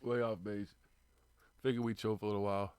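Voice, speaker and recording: A man in his thirties hosts a live online show, talking fast in a fairly low, flat, slightly mellow voice with a clean tone. He chats casually and tells loose stories, swearing plenty.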